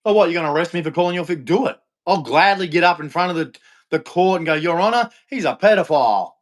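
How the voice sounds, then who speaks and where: A man's voice: a little high, quick pace. A man, hosting a livestream and delivering a heated, accusatory, repetitive rant full of profanity. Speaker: livestream host.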